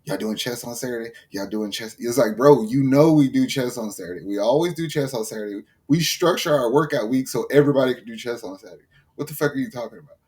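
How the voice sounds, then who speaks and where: Texan guy, mid-pitched, loose and profane, animated storyteller in casual chat. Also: fast. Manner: profane, animated storytelling about gym routine. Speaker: podcast co-host.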